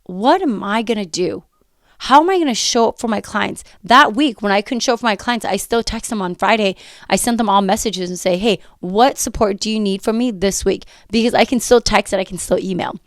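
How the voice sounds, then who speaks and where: A woman coach hosts a casual motivational podcast, speaking energetically and emphatically at medium pitch and a little fast, with lots of repetition and quoted self-talk. Her voice is a bit worn from a recent illness. The close podcast mic gives a dry, clean studio sound.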